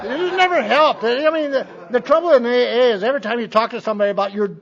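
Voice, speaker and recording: A Montana man gives a speaker share at a recovery meeting in a very high voice, talking quickly with few pauses as a faint crowd sits in the background. His story is folksy, full of acted-out quotes, and the meeting tape sounds dull and lo-fi.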